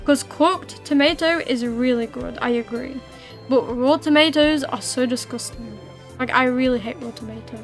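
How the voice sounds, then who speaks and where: A woman's voice: high-pitched, normal speed, faint music behind. A young woman hosting a livestream, chatting casually with her viewers in a rambling way full of fillers and restarts. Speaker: livestream host. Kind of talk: casual chat with viewers while streaming.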